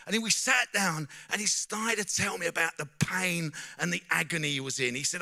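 A middle-aged man giving a personal testimony to a church audience, a lively storyteller who keeps asking the crowd questions and saying "you know?". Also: sits high, brisk, vocal fry, hardly any pauses, no room sound, clean studio sound.

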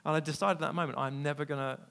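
A man preaching a sermon in church, telling a personal story and moving between hushed passages and loud, emphatic ones. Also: on the high side, steady tone, rapid-fire, gravelly. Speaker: pastor.

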